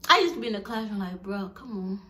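A young woman vlogger chatting casually to her viewers, animated and blunt, laughing often as she tells stories. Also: a little high, racing.

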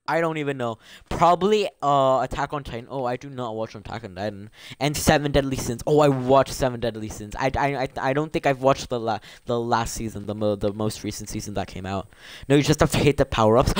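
Teen male streamer, excitable banter, clean and resonant tone. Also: mid-range voice, normal speed, no echo. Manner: excitable, gasping, bantering with chat. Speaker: game streamer. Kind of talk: live gaming stream chat.

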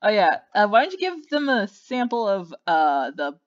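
A woman's voice: mid-range voice, big pitch swings, normal speed, lo-fi sound. A woman chatting playfully with a friend over a game, giggling and teasing. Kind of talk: casual gaming chat.

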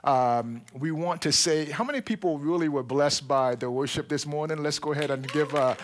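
Pastor welcoming a church congregation. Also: male voice, a little high. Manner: warm, halting delivery with many fillers. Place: church auditorium.

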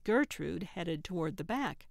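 Measured, unhurried woman narrator. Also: fairly low pitch, vocal fry, dry recording, clean studio sound. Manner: steady and measured. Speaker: audiobook narrator. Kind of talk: scripted narration.

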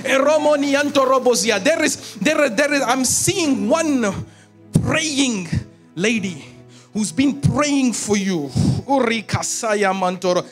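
A man preaching a prophetic sermon, fervent and shouting, speaking in tongues. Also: very high-pitched, expressive, slow, faint music behind.

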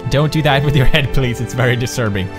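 A man's voice: mid-range voice, fast talker. Joking young man over game music. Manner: joking, laughs often, bursts into shouts. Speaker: gamer. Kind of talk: casual game commentary with a friend.

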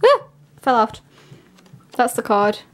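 A woman vlogging in a casual, gushing way, her voice sitting a little high. She talks slowly and keeps dropping filler words between her excited remarks. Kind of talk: casual unboxing vlog.

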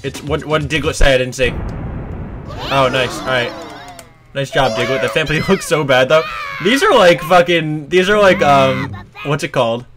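A man's voice: a little high, moderate pace. A man streaming a video game, reacting casually with lots of swearing in a sleepy, mumbling way. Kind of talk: casual gameplay commentary. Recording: game music playing behind.

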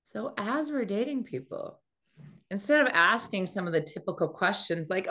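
Woman, dating coach, motivational talk, expressive storyteller who acts out quotes. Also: mid-range voice, moderate pace.

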